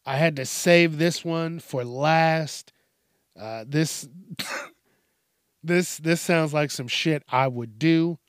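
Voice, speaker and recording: A man's voice: on the high side, slow, pauses often, smooth, no room sound, clean studio sound. A man hosting a casual news commentary show, swearing often, laughing and acting out quotes in exaggerated voices. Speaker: host.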